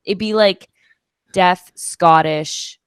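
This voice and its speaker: A woman comedian guesting on a podcast, chatting casually in an animated, teasing way. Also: on the low side, extremely slow, smooth, no echo, clean studio sound.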